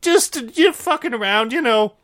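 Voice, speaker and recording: A man's voice: very high-pitched, expressive, normal speed, a bit bright. A man doing a crude, cocky eleven-year-old wizard boy. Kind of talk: improvised comedy bit.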